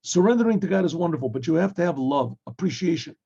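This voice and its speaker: A rabbi giving a Torah class in a conversational way, acting out little dialogues and clearing his throat often. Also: a little high, animated, fast, mellow. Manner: conversational teaching with homely examples and acted dialogue. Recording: muffled lo-fi recording.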